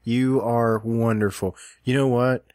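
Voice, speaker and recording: A man's voice: medium pitch, steady tone, a little slow, a little mellow, dry recording, studio quality. A man co-hosting a casual podcast chat late at night, teasing and joking with his co-host.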